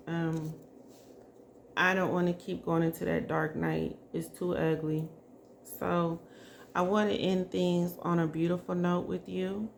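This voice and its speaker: A woman doing a psychic spirit reading, speaking softly and emotionally and addressing the spirit directly. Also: lowish voice, level tone, slow, vocal fry, long pauses, slight background noise. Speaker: psychic reader.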